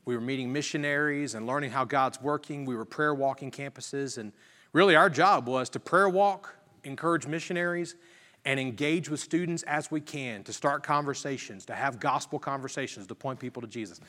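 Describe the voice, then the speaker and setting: A man's voice: mid-range voice, moderate pace, bright, forceful tone. A man, a pastor, telling a story in earnest sermon style, growing more emphatic as he preaches. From Virginia. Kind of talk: sermon testimony. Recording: reverberant hall.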